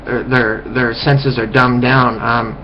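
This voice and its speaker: In a slow, dragging, flat delivery, a male vlogger at average pitch rambles through a scornful rant to camera, stumbling over and restarting his phrases. The audio is dull, lo-fi, and faintly hissy.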